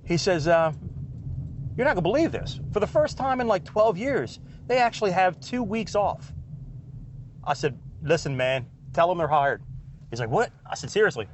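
A man's voice: high-pitched, very animated, normal speed, muffled recording, a little hiss or hum. A middle-aged man hosting a podcast, telling rambling stories in a casual monologue and laughing at his own tales while he drives. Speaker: podcast host. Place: in a truck while driving.

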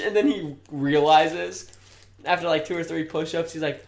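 Sitting high in pitch with fairly even intonation, a young man co-hosting a podcast talks at normal speed. He spins meandering, foul-mouthed stories in casual conversation and cracks up at them, all captured with a roomy echo.

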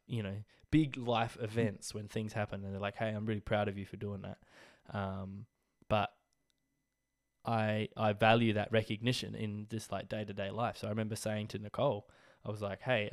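Young Aussie host, low-pitched, loose and rambling with lots of fillers, a bit croaky from illness. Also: male voice. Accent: Australian. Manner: rambling, sweary, filler-heavy. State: getting over illness, coughing. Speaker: podcast host. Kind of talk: casual solo podcast talk.

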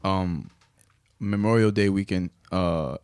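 Casual Miami-accented male co-host, lowish voice, dry close sound, relaxed rambling. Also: slow, smooth, dry recording. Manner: laid-back, loose, lots of fillers like "bro". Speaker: podcast co-host. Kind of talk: casual chat.

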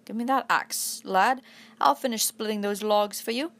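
A woman's voice: moderate pace, a bit bright, natural voice. A woman voicing a blunt, stubborn middle-aged farmer father, reading a storybook aloud. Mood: stern. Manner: blunt, rumbling, defiant.

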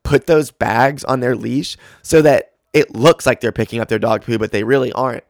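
A dismissive older woman brushes off a complaint in a flat, clipped way, as a man quotes her. The gravelly voice sits at a middling pitch and stays close to its usual tone. The sound is dry. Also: normal speed, no room sound, natural voice.

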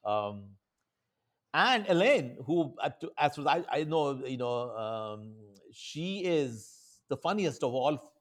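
A man telling stories with enthusiasm in casual chat, with many halting restarts and fillers. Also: medium pitch, very animated.

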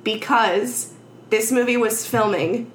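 Woman podcaster, animated storyteller who voices the characters as she goes; echoey room, faint hiss. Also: on the high side, slow pace. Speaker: podcast host recapping a film. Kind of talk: casual chat.

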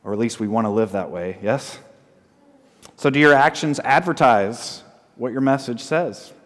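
A male pastor preaches a sermon at a mid-range pitch, often asking his congregation questions. He leans on short repeated phrases, spoken slowly for weight. His voice rings with the long reverb of a church hall. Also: a bit bright. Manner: asks the congregation frequent call-and-response questions.

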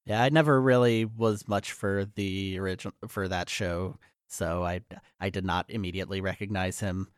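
A man's voice: sits low, fairly even intonation, moderate pace, clean tone, dry recording, clean studio sound. A man co-hosting a podcast, recapping a film scene by scene in casual chat, with frequent fillers and restarts. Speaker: podcast co-host.

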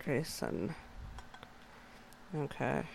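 Gravelly-voiced co-host tossing in short reactions. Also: mid-range voice, lively intonation, very slow, a little hiss or hum. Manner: brief reactions, reads search results aloud. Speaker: podcast co-host. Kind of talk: casual chat.

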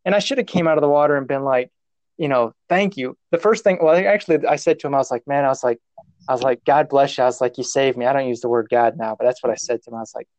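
A man's voice: medium pitch, rapid-fire, darkish tone, dry recording. A man telling a personal story in casual conversation, rambling and self-mocking, restarting his sentences and laughing at himself.

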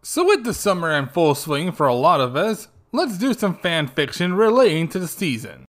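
A man hosting a podcast, sharing dry, sarcastic commentary in a casual tone. His voice sits high for a man and swings all over the place. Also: a bit bright. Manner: wry, sarcastic. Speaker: podcast host.

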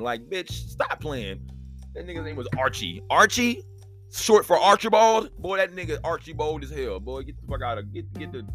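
A man hosting a podcast, telling stories alone in a profane, animated way and acting out the voices he quotes. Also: fairly low pitch. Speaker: podcast host; father of daughters. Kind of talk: casual solo storytelling.

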